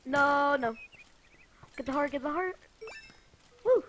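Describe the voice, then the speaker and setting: A high-voiced woman narrating her own gameplay in an excitable, panicky way. She repeats the same words again and again and talks at an unhurried pace. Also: slight background noise. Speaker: gamer. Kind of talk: let's play commentary.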